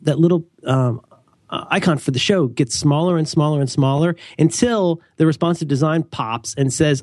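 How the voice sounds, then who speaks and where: A man's voice: normal speed, dry recording. Middle-aged guy rambling thru an ad read, jokey, voice jumps way up sometimes, dry close mic. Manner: animated, rambling, jokey, with sudden high leaps. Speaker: podcast co-host reading an ad. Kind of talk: casual podcast chat.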